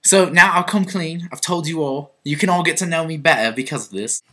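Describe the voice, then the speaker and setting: A young man delivers a tongue-in-cheek confession to his webcam audience. His voice sits a little high and rings bright and forward. He rambles in a mock-earnest way and keeps restarting his sentences. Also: a little fast. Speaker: vlogger on a group channel. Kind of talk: comic mock-confession vlog.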